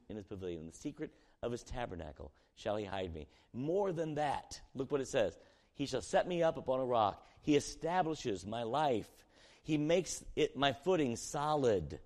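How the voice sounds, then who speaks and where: A man preaching as a pastor, reading scripture and asking the room questions, his voice alternating between quiet reading and loud emphasis. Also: on the low side, long reverb tail.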